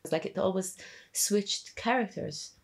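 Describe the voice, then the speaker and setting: A woman chatting casually about a film with her brother, expressive and quick to act out her reactions. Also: medium pitch, gravelly.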